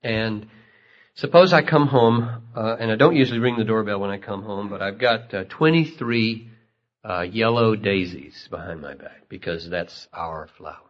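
A man's voice: lowish voice, moderate pace. A man preaching a sermon, telling stories and rising to emphatic peaks. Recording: muffled lo-fi recording.

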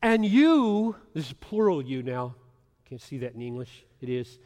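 A man preaching an expository sermon, swinging from hushed whispers to loud emphatic bursts. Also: mid-range voice, moderate pace. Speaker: pastor. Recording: long hall reverb.

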